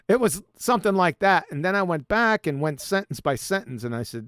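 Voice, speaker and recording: A man's voice: high-pitched, sing-song, moderate pace, fairly bright tone, no echo. A man hosting a livestream in a casual chat, reading text aloud with chuckles and sarcastic asides.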